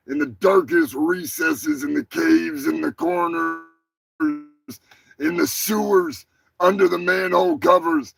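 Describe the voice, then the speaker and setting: A man hosting a crude comedic live show, brash and profane, rambling through shout-outs to his viewers. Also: high voice, lively intonation, slow, creaky, dry recording, rough recording. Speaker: host.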